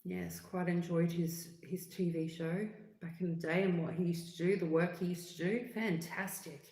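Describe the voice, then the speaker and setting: A woman, chatting in a rambling, relaxed way on a livestream, full of fillers and asides. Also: on the low side, moderate pace. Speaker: livestream host. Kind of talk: casual livestream chat. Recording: echoey room.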